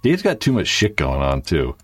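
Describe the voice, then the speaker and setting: Rambling, lively man on a livestream. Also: low voice, normal speed, slightly rough, no echo, faint music behind. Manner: rambling, swears, many filler likes. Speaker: YouTube channel host. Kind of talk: casual livestream chat.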